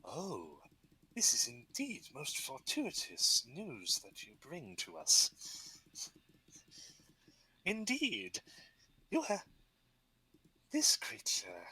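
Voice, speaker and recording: A man's voice: a little high, pushed and bright, dry recording, voice pushed up, heavily acted, poor audio. A man voicing a pompous, eloquent male goblin chief who speaks in grand formal phrases.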